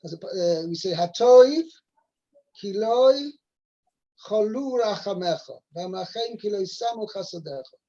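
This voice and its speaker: A man teaching a weekly Torah portion over a video call, halting with fillers and restarts as he quotes Hebrew verses. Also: high-pitched, expressive, mellow. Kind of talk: explaining a weekly Torah text. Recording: muffled video call audio.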